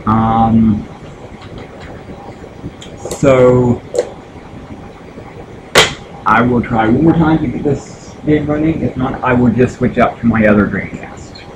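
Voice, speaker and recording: A man chats slowly through a home live stream, drifting between thoughts with many pauses and restarts. His pitch sits in a plain middle range. A steady hum of fans and room noise carries clearly under his voice. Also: lo-fi sound. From United States. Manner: rambling, halting, many fillers and restarts. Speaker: gaming streamer. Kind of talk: casual live-stream chat.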